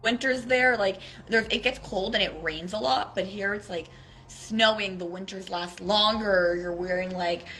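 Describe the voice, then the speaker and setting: A woman's voice: medium pitch, moderate pace, a bit bright, soft background music, rough recording. A woman from Israel, a guest in a casual chat, telling a story animatedly with many fillers. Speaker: interview guest. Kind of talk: casual video-call chat.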